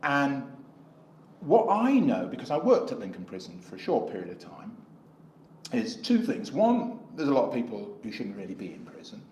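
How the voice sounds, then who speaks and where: A man's voice: medium pitch, huge pitch swings, normal speed, a little mellow, roomy sound, slight background noise, rough recording. A middle-aged man with an English accent, an independent election candidate answering interview questions in a rambling way, acting out dialogue as he tells stories. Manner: rambling, acts out dialogue in anecdotes.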